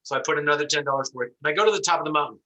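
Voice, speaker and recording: A man teaching an online class, telling an animated story and acting out the voices as he explains. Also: a little high, rapid-fire, highs cut off. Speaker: instructor.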